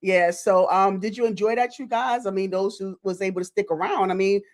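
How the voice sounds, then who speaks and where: Animated woman chatting with her viewers. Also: medium pitch, a little fast. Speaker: YouTube content creator celebrating her channel anniversary. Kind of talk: live-stream chat with viewers.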